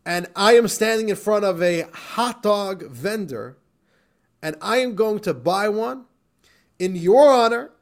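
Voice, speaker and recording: A man acting out an indignant professor, loud and high. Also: rapid-fire, creaky. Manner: loud, exasperated ranting. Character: indignant middle-aged male professor, fed up.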